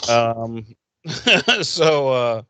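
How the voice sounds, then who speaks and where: A man's voice: medium pitch, big pitch swings, very slow, a bit bright, clean tone. A man co-hosting a podcast, recapping an episode in a rambling, profane way and acting out characters' lines in silly voices. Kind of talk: casual crude recap chat.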